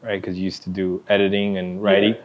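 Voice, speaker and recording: A man hosting a podcast, asking questions slowly and haltingly. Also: deep voice, completely flat delivery, dull audio. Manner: slow, halting questions with restarts. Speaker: podcast host. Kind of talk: interview questions.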